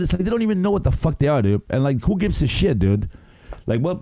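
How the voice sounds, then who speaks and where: A man's voice: on the high side, fast, no echo, studio quality. A man co-hosting a casual podcast discussion, ranting in a rambling, profane way with plenty of fillers. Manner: profane, rambling, animated rant with lots of fillers. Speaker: podcast co-host.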